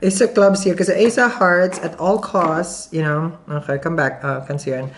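A woman with a foreign accent talks straight to camera through a tarot reading. She is chatty and giggly and thinks out loud, restarting her sentences often. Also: fairly low pitch, fairly even intonation, normal speed, a little hiss or hum. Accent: non-native English accent. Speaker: tarot reader.

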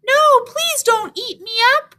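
A woman voicing the littlest billy goat, a small, timid young male, with a high, pleading voice. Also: lively intonation, slow, pushed and bright, full character voice.

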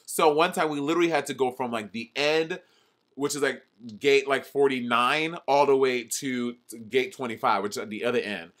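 A man's voice: mid-range voice, normal speed, fairly bright tone. A man co-hosting a podcast, teasing and cursing freely as he dramatically retells stories in casual comic chat. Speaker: podcast co-host.

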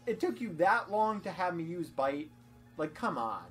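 A woman's voice: on the low side, very animated, moderate pace, soft background music. A woman voicing a sassy, exasperated little fox-like creature from a game, in a near-normal voice. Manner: scolding, incredulous.

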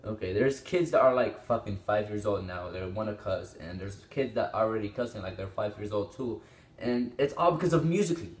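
Teenage boy, fairly low voice, rambling and swearing, echoey room. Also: animated, fairly quick. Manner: rambling, exclaiming, swearing often. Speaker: reaction video host. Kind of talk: casual reaction commentary. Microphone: small desktop microphone.

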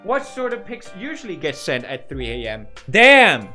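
A man's voice: a little high, huge pitch swings, normal speed, a bit bright, soft background music. A young man hosting a comedic meme-reaction show, exclaiming, laughing and mock-outraged as he reacts. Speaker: host.

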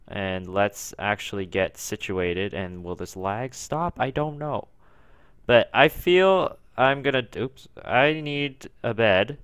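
A man's voice: on the low side, a bit bright, clean tone, no echo. Young man rambling over a game. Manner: rambling, frequent swearing at lag and jumpy outbursts. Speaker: gaming video creator. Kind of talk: casual let's play commentary.

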